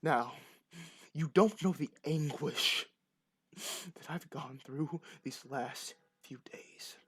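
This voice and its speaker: A man voicing a grieving, menacing older bearded farmer who speaks low and threatening. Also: takes it slowly, fairly bright tone, husky, full character voice.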